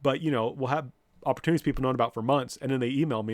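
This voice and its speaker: A man's voice: mid-range voice, racing, no room sound, clean studio sound. A man, a professor, lecturing students bluntly and directly, now and then acting out what people say. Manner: blunt, direct, with lively mock-quotes.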